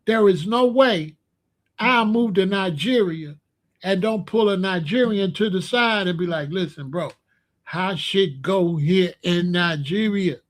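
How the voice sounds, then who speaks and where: A high-pitched man rants on camera as a commentary vlogger. His casual ranting commentary is animated, with emphatic repetition and loud outbursts.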